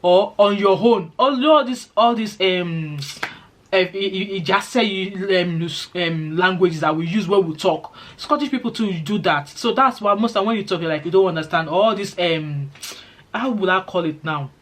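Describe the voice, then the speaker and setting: A middle-aged woman with a Nigerian accent talks straight to her vlog audience. She is chatty and reassuring, and drops into pidgin phrases now and then. Her delivery is relaxed and conversational. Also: fairly low pitch, normal speed, a little hiss or hum. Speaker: vlogger. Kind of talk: casual vlog chat.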